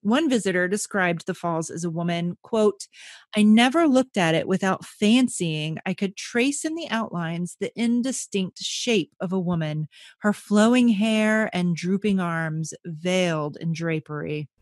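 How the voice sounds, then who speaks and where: A woman co-hosting a history podcast, narrating sources in a lively, easy-laughing manner with fillers. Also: on the low side, a little slow, dry recording, studio quality. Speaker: podcast co-host.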